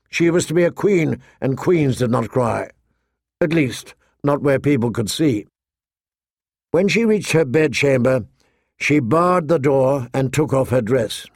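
A man reads an audiobook in a measured, expressive storytelling style. His voice is mid-range, and the studio recording is clean with no room sound.

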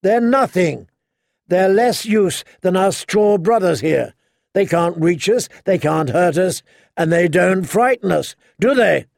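A man playing a young male sentry on a wall who bellows to rally his brothers, his gravelly voice pushed high and loud. He shouts each line with defiant force. The audiobook recording is dry and close. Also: animated, slow pace, dry recording, full character voice. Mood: rousing, defiant.

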